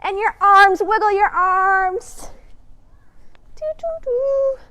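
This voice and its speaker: A woman's voice: very high-pitched, a bit bright. A woman hosting a children's story time, leading movement exercises in a playful, encouraging way and humming little sound effects. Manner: playful, encouraging, talks straight to young kids; hums little sound effects and laughs between cues.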